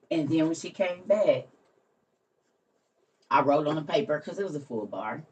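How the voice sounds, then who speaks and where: A woman who hosts a livestream and tells a story in a casual way. She laughs often and swings between soft, quiet lines and loud ones. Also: deep voice, lively intonation, measured pace, pauses often, far from the mic. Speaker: livestream host.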